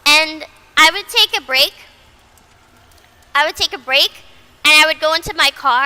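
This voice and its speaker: A woman's voice: high voice, moderate pace, bright, forceful tone. A woman VTuber in casual livestream chat who rambles, repeats herself, swears freely and mocks herself bluntly. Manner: blunt and self-mocking. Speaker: VTuber streamer.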